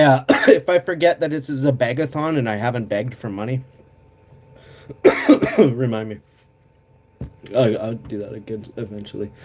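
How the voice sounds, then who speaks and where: Man, casual streamer, profane and rambling, coughs through his chat, middle pitch. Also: breathy edge.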